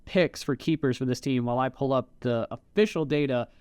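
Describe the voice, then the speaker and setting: A man co-hosting a casual podcast, bantering with a joking, animated manner. His voice is smooth and clear, recorded close and dry with no room sound. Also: mid-range voice, brisk, no echo. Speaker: podcast co-host. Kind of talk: casual chat. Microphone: podcast mic.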